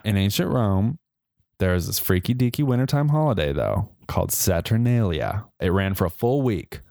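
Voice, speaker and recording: A man's voice: lowish voice, normal speed, creaky, no room sound, clean studio sound. A young man hosting a comedy podcast, telling a history story with sarcastic, playful asides. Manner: sarcastic, playful, animated with exaggerated voices. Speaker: podcast host.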